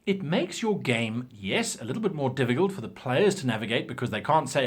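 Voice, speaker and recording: A man's voice: medium pitch, a little fast, few pauses, breathy edge. A man giving game-master tips in a casual, opinionated talk, acting out examples as he goes. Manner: animated, opinionated, acts out examples.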